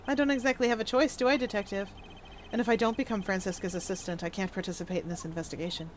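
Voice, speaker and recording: A woman voicing a cool, formal male prosecutor in a low, calm voice for a video game reading. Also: fast, very noisy, close to an everyday voice.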